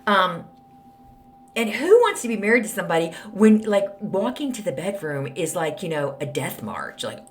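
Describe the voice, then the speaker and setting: A woman's voice: fairly low pitch, animated, moderate pace. A woman hosts a casual solo podcast, talking bluntly and chattily with plenty of sass. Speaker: podcast host.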